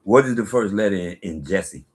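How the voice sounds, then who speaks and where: A man hosting a casual video quizzes a phone app, questioning it skeptically and rhetorically and talking back to it. His voice is on the low side, slightly rough, animated, and moderately paced.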